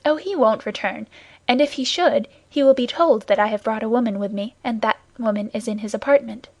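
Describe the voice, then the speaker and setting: A woman's voice: on the high side, brisk, a little mellow, no room sound. A woman voicing an earnest, gallant young male guardsman in an audiobook, reassuring and commanding.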